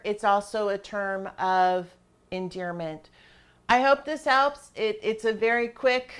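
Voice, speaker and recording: Slow, clear-voiced woman teaching grammar. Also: on the high side. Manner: patient, checks in with "all right?" and "okay?". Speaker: Spanish teacher. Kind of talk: screen-share grammar lesson.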